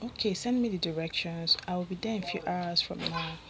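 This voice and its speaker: A woman's voice: fairly low pitch, brisk, vocal fry, heavy background noise. A Nigerian woman voicing Rose, an anxious, impulsive young woman pleading with her lover in a storybook reading. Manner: earnest, pleading, shaky at times. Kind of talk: storybook narration with voiced dialogue.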